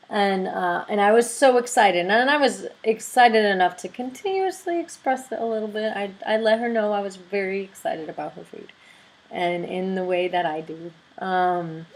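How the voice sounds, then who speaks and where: A woman video blogger telling a story in a casual, excitable and gushing way. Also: medium pitch, poor audio.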